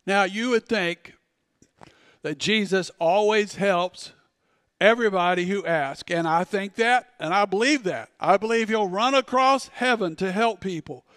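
A male pastor delivers a storytelling sermon, dropping to quiet asides and then rising to loud, dramatic peaks. His high, clear voice moves at an unhurried pace. The mic is close and dry, but a long church reverb trails after him. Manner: storytelling preacher, swings from loud shouts to hushed asides. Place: church sanctuary.

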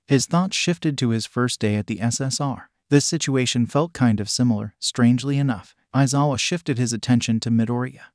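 A man giving a steady scripted narration of a fan fiction story. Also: mid-range voice, moderate pace, few pauses, dry recording, clean studio sound.

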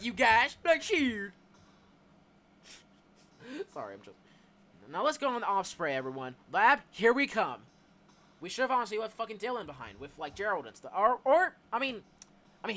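A man's voice: a little high, pushed and bright. Rambling, swearing young gamer guy. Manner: swears a lot, rambling with many fillers; reads game dialogue aloud in put-on voices. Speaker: gameplay YouTuber. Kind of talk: Let's Play commentary with voiced dialogue.

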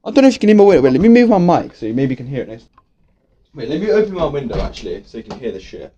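Young English man, sweary lively gamer. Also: mid-range voice, very fast, dull audio. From England. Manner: swears constantly, excitable, talks to himself. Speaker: gaming youtuber. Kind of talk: casual gameplay commentary. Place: bedroom at home.

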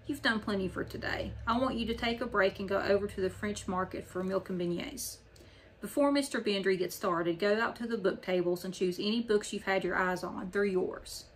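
A woman's voice: mid-range voice, fairly quick, a little hiss or hum, natural voice. A woman voicing a kind but firm female bookshop owner in an audiobook reading. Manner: calm, gracious, firm.

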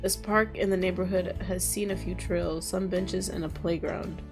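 A woman playing a visual novel, reading its lines aloud and breaking off into loud reactions and laughter. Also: on the low side, steady tone, normal speed, over music. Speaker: gaming streamer.

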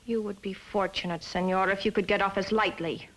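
An actress playing a young, imperious wife plotting a conspiracy, in 1950s TV drama style, cold and commanding. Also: female voice, medium pitch, steady tone, fairly quick, fairly bright tone, lightly acted, rough recording.

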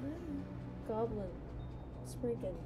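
A woman's voice: on the high side, steady tone, slow, dark tone, faint music behind. Playful woman streaming a game. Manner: playful, chatty, thanks and greets viewers. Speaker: streamer playing a video game. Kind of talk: casual live-stream chat.

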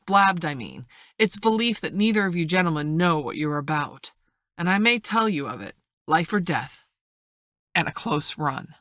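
A stern, blunt sea captain, read aloud by a woman in a low voice that sounds close and dry. He speaks in clipped, formal, firm sentences, like an audiobook officer who will not bend. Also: animated, moderate pace, a bit bright, dry recording. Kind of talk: audiobook reading.

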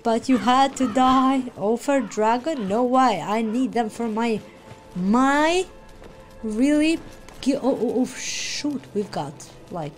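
Excitable woman streamer reacting to a game, unhurried between the shrieks, quiet music in the back. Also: a little high. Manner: excitable, shrieks and gasps, talks to game characters. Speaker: gaming streamer. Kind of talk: live game reaction commentary.

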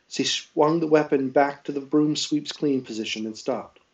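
A man reads a novel aloud in a steady storytelling voice at a middling pitch, now and then correcting himself. The recording is dull and lo-fi. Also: normal speed, hardly any pauses, distant mic. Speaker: reader. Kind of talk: reading a novel aloud live.

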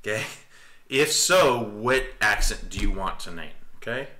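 A man's voice: on the low side, animated, a little slow, sharp tone. A middle-aged man hosting a family live stream, telling jokey stories and reading out viewer comments. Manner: playful, jokey storyteller who reads out viewer comments. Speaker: family vlog host and dad. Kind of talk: casual live-stream chat.

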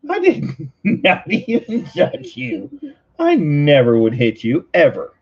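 A man hosting a livestream coin auction, chanting bids in a quick rhythmic auctioneer patter and bantering playfully between calls. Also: on the high side, wildly swooping pitch, husky, muffled recording. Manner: rapid rhythmic bid calling, playful teasing. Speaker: host auctioning coins on a livestream.

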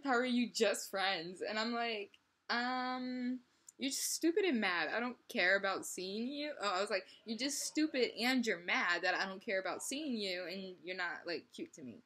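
A young woman tells a story straight to her camera, acting out both sides of an argument and laughing often. Her voice has a husky, breathy edge, and the talk runs loose and casual. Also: mid-range voice, animated, moderate pace, pushed and bright. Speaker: vlogger.

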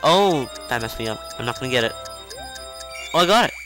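A man casually commenting on a video game as he plays, chatty and rambling, with self-mocking asides and excited outbursts. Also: medium pitch, fairly quick. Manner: excitable outbursts during play. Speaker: video game let's-play host. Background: faint game music.

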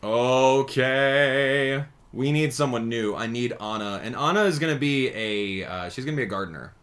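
A man giving casual gameplay commentary as a channel host, chatty and excitable, thinking out loud as he plays. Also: medium pitch, a little fast.

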